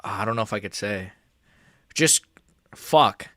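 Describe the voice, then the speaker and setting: A man's voice: lowish voice, slow, a bit bright, no echo, clean studio sound. A man hosting a live stream, reacting to a fight in a casual, rambling, profane way.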